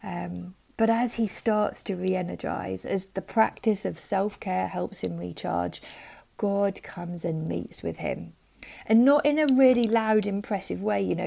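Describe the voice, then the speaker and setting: Woman preacher, low gravelly voice, soft chatty delivery, dull lo-fi sound. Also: takes it slowly. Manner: soft, conversational, many likes and ums. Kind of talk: gentle sermon. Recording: dull lo-fi recording.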